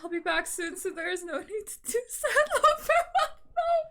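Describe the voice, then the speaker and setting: A woman's voice: very high-pitched, big pitch swings, normal speed, fairly bright tone. A young woman hosting a fan reaction video, talking in a gushing, emotional way with lots of "like" fillers and half-laughing, near-tearful asides. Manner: gushing, heavy "like" fillers, laughing through tears.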